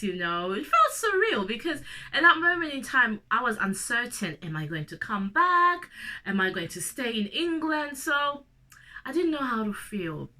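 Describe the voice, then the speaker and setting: A woman's voice: on the high side, bright, forceful tone. A young woman from Zimbabwe with a cold, telling a personal story to camera in a chatty, emotional way. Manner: chatty and emotional, addresses viewer directly. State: has a cold. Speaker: vlogger.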